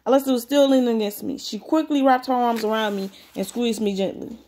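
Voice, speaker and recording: A woman's voice: a little high, brisk, darkish tone. A woman reading a story aloud, breaking off for blunt, slangy comments of her own. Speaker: story reader.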